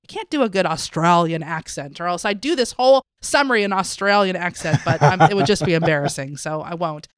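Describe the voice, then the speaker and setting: A woman's voice: fairly low pitch, animated, fairly quick, hardly any pauses, clear, resonant tone, dry recording, clean studio sound. Woman summarizing a medical segment. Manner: friendly, explanatory, casual fillers. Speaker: podcast co-host. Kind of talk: conversational medical podcast summary.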